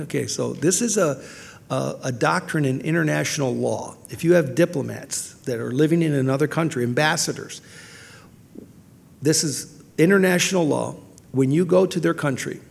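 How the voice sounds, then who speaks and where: A man's voice: a little high, creaky, darkish tone, husky. A man preaching a sermon as a pastor, earnest and storytelling, with frequent restarts. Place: large church hall. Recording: long hall reverb.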